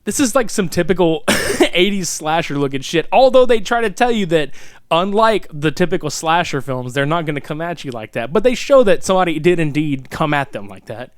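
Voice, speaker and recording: Podcast dude swearing and laughing, kinda high voice, dry sound. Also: male voice, brisk, smooth, dry recording. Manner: profane, laughing, animated. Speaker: podcast co-host. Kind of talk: casual chat.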